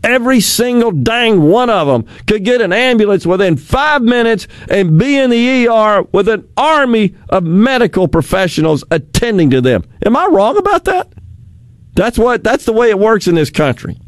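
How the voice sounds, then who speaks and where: A male radio talk show host on a studio microphone, chatting in an animated, sarcastic way and laughing often. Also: high-pitched, moderate pace, few pauses, dry recording.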